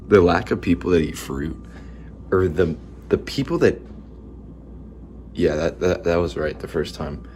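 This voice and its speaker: A young fitness vlogger talks casually to camera about his gym day, telling a rambling, slangy story. His low, slightly mellow voice is a little slow with frequent pauses, and there's a bit of hiss or hum.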